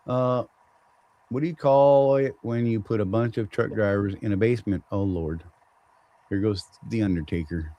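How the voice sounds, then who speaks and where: A man's voice: on the low side, normal speed, dry recording, muffled recording. Joking Southern man hosting a live chat. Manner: joking, rambling, teasing. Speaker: show host. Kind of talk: casual live-stream chat.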